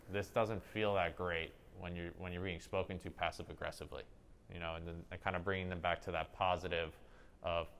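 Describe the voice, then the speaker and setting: A man explaining social-emotional improv exercises in a conversational way, pausing to demonstrate tones of voice. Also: low-pitched, clear, resonant tone. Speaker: improv workshop instructor.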